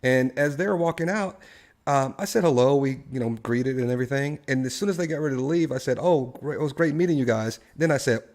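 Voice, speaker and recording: A man's voice: on the high side, fairly quick, darkish tone. A man hosting a casual live-stream discussion, telling a story and putting questions to his co-hosts and the chat. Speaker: live show host.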